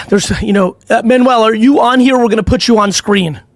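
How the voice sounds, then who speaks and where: A man's voice: high-pitched, moderate pace, dry recording, clean studio sound. A middle-aged man hosting a live stream, talking in an intense, profane, emphatic way with lots of repetition. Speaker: livestream host running giveaways. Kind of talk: unscripted live-stream pep talk and sales pitch.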